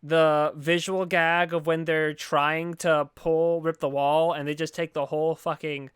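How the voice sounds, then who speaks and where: A man's voice: on the high side, little pitch movement, a little slow, fairly bright tone, clean tone, no room sound, clean studio sound. A man co-hosting a podcast, chatting casually and sarcastically about a movie, rambling and swearing. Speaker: podcast co-host. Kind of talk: casual movie review chat.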